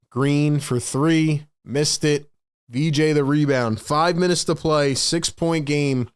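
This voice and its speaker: A man's voice: mid-range voice, clean tone. A man doing live play-by-play for his own fan stream, calling the action and ranting in frustration between plays. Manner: sighs and rants between calls.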